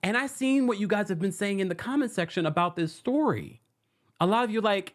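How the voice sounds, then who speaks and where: A host giving casual pop culture news commentary in a dramatic, animated way, laughing often. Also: mid-range voice, a little fast.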